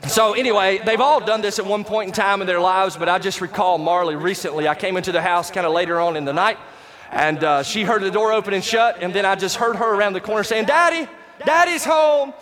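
A man preaching a sermon as pastor, emphatic and rising to shouts on key words, and calling out to the congregation for responses. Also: sits high, fairly even intonation, fast talker. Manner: talks to the congregation directly, asks for responses. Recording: long reverb of a large hall.

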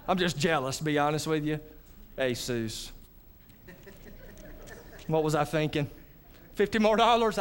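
Preaching a sermon in a church sanctuary, a male pastor speaks with a voice that sits high, smooth and fairly bright. He talks directly to the congregation in a conversational way, with asides to them.

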